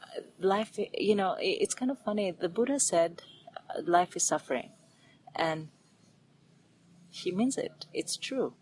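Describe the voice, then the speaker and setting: Low-voiced earnest woman guest. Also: unhurried, pauses often, a little hiss or hum, low-quality recording. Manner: earnest, animated, drops to whispers for emphasis. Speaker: podcast guest. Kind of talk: spiritual interview talk.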